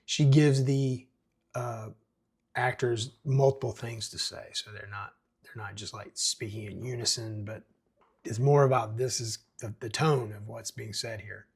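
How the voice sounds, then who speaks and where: A man hosting a screenwriting show who reads a screenplay aloud and breaks it down with casual, relaxed asides. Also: mid-range voice, measured pace, vocal fry, husky. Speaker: screenwriting podcast host.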